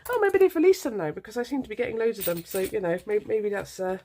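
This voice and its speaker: A woman's voice: medium pitch, very animated, quick pace, dark tone, a little hiss or hum. British woman with a stuffy nasal cold. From United Kingdom. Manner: chatty, rambling, apologetic, many ums. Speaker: budgeting vlogger. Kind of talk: casual chat to camera while sorting coins. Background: faint clinking of coins.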